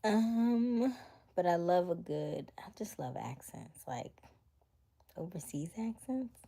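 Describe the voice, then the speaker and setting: Taking it slowly, a young woman chats on a casual livestream and reads viewer comments, her fairly low voice warm, creaky, and breathy, with lively intonation. Sometimes she lowers it to a whisper.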